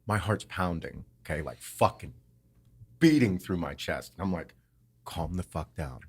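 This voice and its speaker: A man hosting a podcast, telling a story in a casual, animated way, swearing often and acting out what others said. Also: low-pitched, a little slow, breathy edge. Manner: animated, swears a lot, acts out quotes. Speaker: podcast host.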